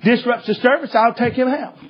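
A man's voice: very high-pitched, brisk, husky. A man quoting a blunt, exasperated male group leader in a sermon story. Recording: dull lo-fi recording.

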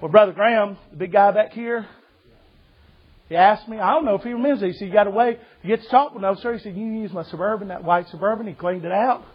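A man preaching a sermon testimony, telling a lively story and acting out the voices of the people in it. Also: sits high, fast, breathy edge, dull audio.

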